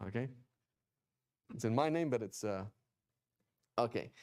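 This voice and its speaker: A man's voice: mid-range voice, expressive, a little slow. Chatty male teacher checking in often. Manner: chatty, checks in with "right?" and "okay?"; joking asides. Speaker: Quranic Arabic teacher. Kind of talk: informal class lecture.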